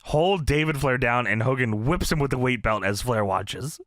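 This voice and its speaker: A man's voice: medium pitch, moderate pace, dry recording, clean studio sound. A man co-hosting a podcast, recapping an old wrestling show in casual chat and acting out the quotes with lots of laughing. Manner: animated, laughs often, acts out quotes. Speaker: podcast co-host.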